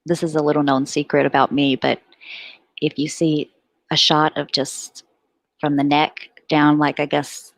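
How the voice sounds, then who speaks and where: A woman's voice: low voice, little pitch movement, unhurried, creaky, dry recording. A woman hosting a casual online panel chat, rambling with restarts and laughing often. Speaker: panel host.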